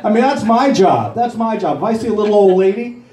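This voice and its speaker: A man's voice: high voice, lively intonation, a little mellow, roomy sound. Rambling older man doing stand-up. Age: 60s. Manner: rambling, halting delivery with many fillers and restarts. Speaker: amateur stand-up comic. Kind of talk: stand-up comedy.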